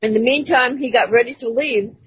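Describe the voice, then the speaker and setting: Woman, churchgoer giving a testimony, breathy and raspy, storytelling with little laughs, lo-fi dry line. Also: fairly high pitch, brisk. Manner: chatty storytelling, laughs between phrases. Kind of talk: casual spoken testimony.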